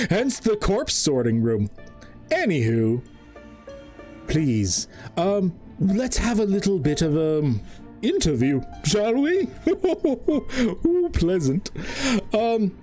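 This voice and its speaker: A man's voice: high-pitched, darkish tone, pitched above the performer's own voice, heavily acted. A man voicing a cheery, polite male wizard boss with a third eye in a tabletop game.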